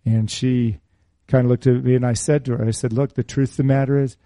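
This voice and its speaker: A middle-aged male preacher with a warm, mellow tone, speaking close to the mic in a dry, dead room. He moves between scripture and a personal story and keeps asking his listeners questions in an easygoing way. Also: medium pitch, level tone, a little fast, no echo. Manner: conversational, asks the audience questions.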